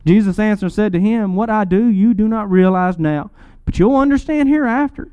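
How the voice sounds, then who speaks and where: A man preaching a sermon, explaining scripture and Greek words in a teaching tone. He swells up on lists of titles and drops low for emphasis. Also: brisk, dark tone, smooth, no room sound, muffled recording.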